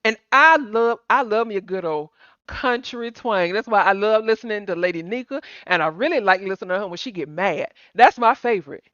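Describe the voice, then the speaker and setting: A woman from Texas, hosting a casual chat in an excitable, gushing way. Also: medium pitch, a little fast, dry recording. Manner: excitable, gushing, laughs often. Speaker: show host. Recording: dull lo-fi sound.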